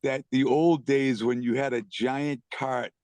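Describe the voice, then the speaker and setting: A man from the Boston area tells stories on a video call with a loose, rambling delivery, often repeating himself. His voice is mid-pitched and sounds dry, with no room sound. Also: fairly even intonation, measured pace, a little mellow, smooth, no echo. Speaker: band member, guest. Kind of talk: casual storytelling.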